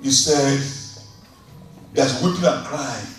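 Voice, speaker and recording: A man preaching a fervent sermon and leading prayer, with big swings in pitch and volume. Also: takes it slowly, soft background music. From Nigeria. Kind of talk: sermon and altar call prayer. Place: church hall. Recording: echoey church hall, distant mic.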